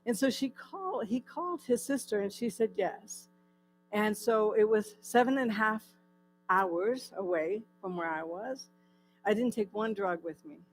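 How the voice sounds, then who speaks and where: A woman giving a personal recovery testimony at a church, telling her story in a lively way, acting out the dialogue and often laughing. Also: medium pitch, low-quality recording. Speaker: guest speaker at a church. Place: church hall.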